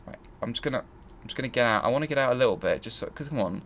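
A man's voice: medium pitch, animated, rapid-fire, sharp tone, slight background noise. A man hosting a let's play, thinking aloud and grumbling as he searches. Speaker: gaming channel host.

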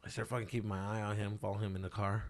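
A man co-hosting a comedy podcast, talking in a casual, profane, animated way with mock voices. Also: on the low side, racing. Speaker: podcast co-host.

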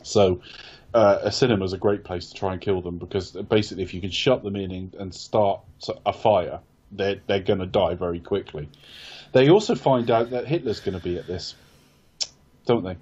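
A man's voice: low voice, moderate pace, darkish tone, husky, muffled recording. A man co-hosting a casual film review podcast, rambling and correcting himself as he talks, with casual swearing. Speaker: podcast co-host.

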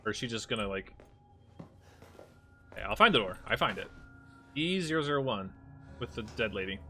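A man's voice: lowish voice, animated, brisk, bright, forceful tone, soft background music. A young man streaming a horror game, jumpy and swearing, laughing nervously as he plays. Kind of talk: let's play commentary.

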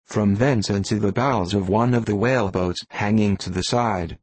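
Low-voiced man reading a novel aloud. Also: normal speed, husky, dry recording. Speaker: audiobook reader. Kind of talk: scripted narration.

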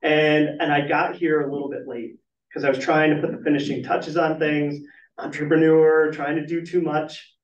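A middle-aged man, a business trainer, telling lively stories to a meeting room and asking the audience questions. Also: a little high, normal speed. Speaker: business trainer and guest speaker. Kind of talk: storytelling talk at a networking meeting. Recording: echoey, muffled room recording from far off.

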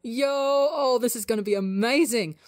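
A woman voicing an excitable, cheerful young male crewmate in a storybook reading. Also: moderate pace, no room sound, clean studio sound, close to an everyday voice. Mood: excited. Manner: bubbly, high and bouncing.

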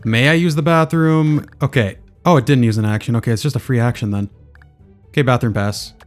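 A man's voice: mid-range voice, fairly quick, faint music behind. A man giving casual let's play commentary, muttering as he thinks aloud. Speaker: gaming video creator.

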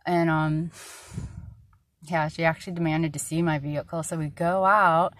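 A woman's voice: low-pitched, flat delivery, normal speed, a bit bright, no echo. A woman venting in a personal vlog, rambling and frustrated, with many fillers and a tired voice. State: tired, struggling to find words. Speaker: vlogger.

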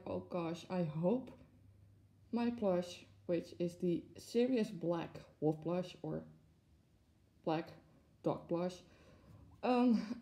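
A woman's voice: medium pitch, dark tone. A woman in her twenties chatting to camera as she unboxes a collectible, gushing and giggling often between many fillers. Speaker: plush collector vlogger. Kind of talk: casual unboxing chat to camera.

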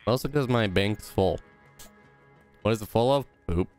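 A man's voice: measured pace, darkish tone, faint music behind. A young man commentating his own video game play, rambling and joking to himself. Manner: goofy, silly rambling with sudden high squeals. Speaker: gaming YouTuber.

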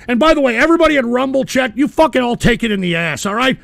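Brief: older male host, high gravelly voice, dry close sound, profane ranting at viewers. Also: big pitch swings, fast, hardly any pauses, no room sound. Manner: profane, shouting tirades at chat. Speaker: live show host. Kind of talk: ranting live-stream talk.

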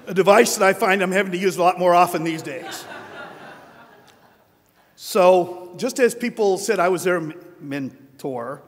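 A man's voice: high-pitched, moderate pace. An older man giving a humorous, self-deprecating award acceptance speech, telling anecdotes in a wry tone. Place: large hotel ballroom at a conference. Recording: long hall reverb.

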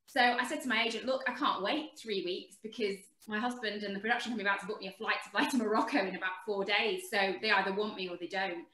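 Fast-talking bright woman. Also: medium pitch, echoey room, poor audio. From England. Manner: animated storyteller, acts out quotes. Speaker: actress guest. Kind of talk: chatty anecdote telling.

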